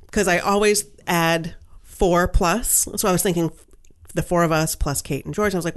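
Woman telling a story on a podcast, lowish voice, chatty, laughs a lot. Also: a little fast. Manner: animated, chatty, laughs often, many fillers. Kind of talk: casual chat, storytelling.

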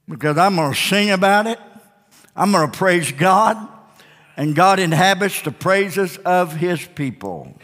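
Male pastor, high and unhurried, fervent repetitive delivery with sudden whoops; long church reverb. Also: lively intonation, pushed and bright. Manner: emphatic, repetitive preaching with whooping exclamations. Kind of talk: Sunday night sermon.

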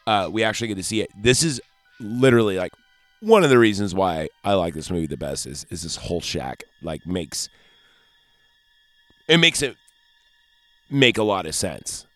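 A man's voice: low voice, animated, fairly quick, no room sound, faint music behind. A man hosting a podcast, recapping a horror movie in a rambling, joking way with lots of fillers. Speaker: podcast host.

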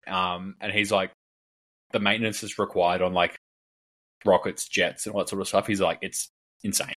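Low-voiced man telling stories. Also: level tone, normal speed, a bit bright. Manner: rambling storyteller, heavy filler words, acts out quoted people. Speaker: fitness coach and podcast co-host. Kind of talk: casual podcast chat.

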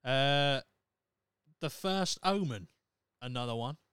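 A man's voice: medium pitch, animated, slow, fairly bright tone, clear, resonant tone, no echo, clean studio sound. A young man hosting a solo podcast, talking in a blunt, sweary, opinionated way. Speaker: podcast host. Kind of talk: casual solo podcast rant.

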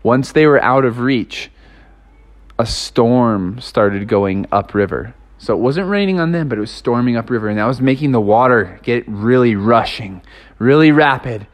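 An adult improvising a playful bedtime story for children, lively and silly. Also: mid-range voice, normal speed.

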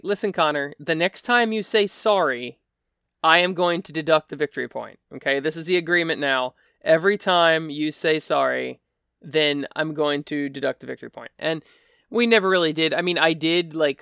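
Chatty man with a smooth, dry voice. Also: a little high, a bit bright, dry recording. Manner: chatty, rambling, wry. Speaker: podcast host. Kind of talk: casual solo podcast storytelling.

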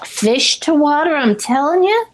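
A woman casually recapping a film from her notes, playful and animated. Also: high-pitched, measured pace.

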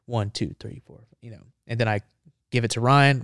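A man and podcast guest telling a war story in an animated way, acting out dialogue, on a close podcast mic. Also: mid-range voice, moderate pace, smooth, no room sound.

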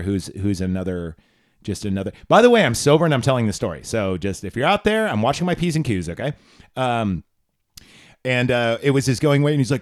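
A man hosting a podcast, telling rambling, crude, jokey stories in casual chat. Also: fairly low pitch. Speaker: podcast host.

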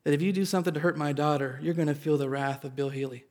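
A man putting on a stern, protective father. He speaks in a grave, measured tone at a somewhat high pitch, and each warning is weighed. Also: darkish tone, natural voice.

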